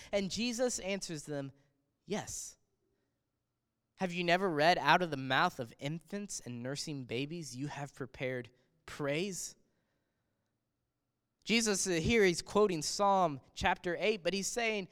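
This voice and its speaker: A man's voice: high-pitched, lively intonation, slow, a bit bright, smooth, big-room sound. A male pastor preaching a sermon, swelling in volume on the quoted cries of the crowd.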